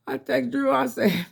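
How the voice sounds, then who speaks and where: A woman's voice: sits high, vocal fry, slightly rough. A woman vlogger chatting casually and candidly to her viewers, swearing freely and laughing often, with a scratchy throat. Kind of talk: casual chat to camera.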